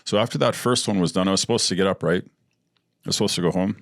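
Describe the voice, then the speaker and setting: Brief: man, very low voice, podcast host, casual profane storyteller, dry close sound. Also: fast, gravelly, no echo. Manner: blunt and profane, laughing through his stories.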